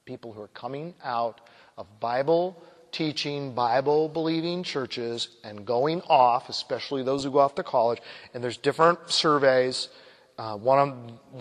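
A man preaching a sermon, quoting scripture and slowing down sharply to stress key phrases. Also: medium pitch. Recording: long hall reverb.

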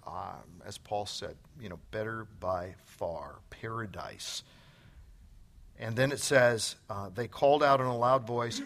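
A man's voice: medium pitch, fairly bright tone. A man giving an earnest, emphatic sermon on a church stage, often quoting scripture, then answering questions. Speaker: Bible teacher. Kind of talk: sermon then onstage conversation.

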